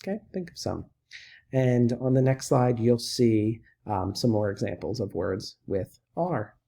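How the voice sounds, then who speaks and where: A man teaching a recorded lesson for children, who talks patiently and encouragingly and repeats each word slowly. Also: medium pitch, gravelly, warm tone.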